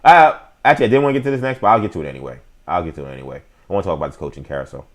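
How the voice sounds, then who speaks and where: Hosting a laid-back sports talk live stream, this man addresses his chat directly in a low-pitched, expressive voice at a racing clip. His delivery is slangy and full of opinions, peppered with fillers and false starts.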